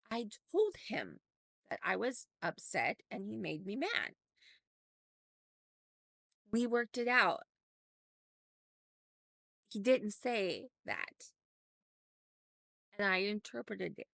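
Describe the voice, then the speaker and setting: Woman vlogger, middle-aged, mid pitch, candid personal storytelling, dry close sound. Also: vocal fry, fairly bright tone, dry recording. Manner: candid, rambling, with many restarts.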